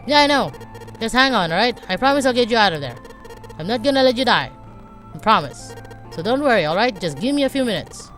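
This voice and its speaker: A woman's voice: a little high, big pitch swings, brisk, soft background music, pitched above the performer's own voice. A woman voicing a young male game hero, urgent and determined, promising to save someone. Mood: reassuring. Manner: urgent, reassuring, shouting names.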